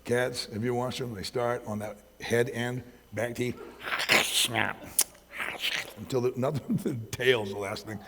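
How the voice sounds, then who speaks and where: A man preaching a sermon as pastor, telling animated stories about his pets, in a church hall with long reverb. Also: medium pitch, normal speed, few pauses, background noise. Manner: anecdotal, animated storytelling.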